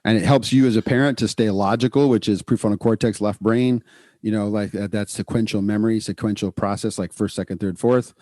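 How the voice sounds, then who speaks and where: A middle-aged man co-hosting a podcast in casual, energetic chat, repeating words for emphasis. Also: on the low side, a little fast, no room sound, clean studio sound. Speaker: podcast co-host, psychologist.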